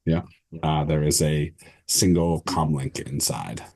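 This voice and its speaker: Very deep, husky game master. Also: male voice, slow, warm tone. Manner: loose, with many fillers and restarts. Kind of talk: narrating a tabletop game.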